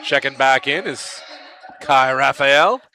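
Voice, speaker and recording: Bright-voiced male basketball play-by-play caller. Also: medium pitch, slow pace. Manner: lively and chatty, with excited calls. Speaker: play-by-play commentator. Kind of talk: live basketball commentary.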